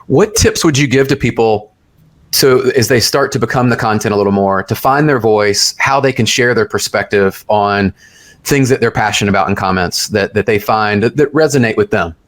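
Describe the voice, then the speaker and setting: A man's voice: on the low side, normal speed. A man hosting a podcast, casual and curious, backing his guest with frequent "yeah"s. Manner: curious, affirming, many "yeah"s. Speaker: podcast host. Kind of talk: casual interview conversation.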